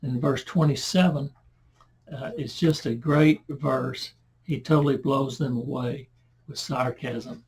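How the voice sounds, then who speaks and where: A man giving a verse-by-verse Bible lesson in a conversational manner. He reads the scripture louder and breaks into chatty asides. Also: medium pitch, fairly even intonation, slow pace, breathy edge. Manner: conversational, loud when reading scripture aloud, asides and self-corrections. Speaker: Bible teacher.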